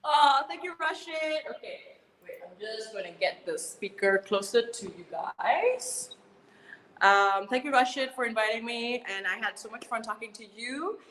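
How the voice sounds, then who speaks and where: A bubbly woman singer chats casually on a call, laughing often and restarting her phrases. Her voice is bright and forceful, and it rings around an echoey room with a long tail and faint ambience behind. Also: on the high side, expressive, moderate pace, slight background noise. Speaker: singer, guest. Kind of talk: casual video-call chat.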